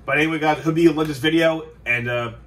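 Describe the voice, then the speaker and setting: A man's voice: on the high side, fairly even intonation, quick pace, a bit bright. A young man talking casually to camera about collecting, rambling with many restarts and fillers. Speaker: collector vlogger. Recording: distant mic, faint background music. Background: faint music.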